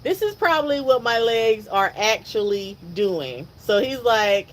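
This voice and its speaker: Slow-talking woman telling a story. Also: a little high, slight background noise, rough recording. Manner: animated, acts out dialogue. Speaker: podcast co-host. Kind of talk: casual storytelling.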